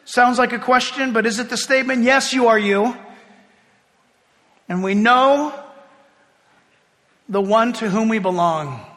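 A man preaching a sermon with animated delivery, swinging from hushed asides to loud exclamations. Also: extremely high pitch, measured pace, long pauses. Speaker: pastor. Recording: reverberant hall.

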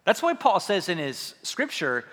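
A man's voice: sits high, wildly swooping pitch, measured pace, a bit bright. A male pastor preaching a sermon in a conversational, self-deprecating, humorous way, recorded in a church hall. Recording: reverberant hall sound.

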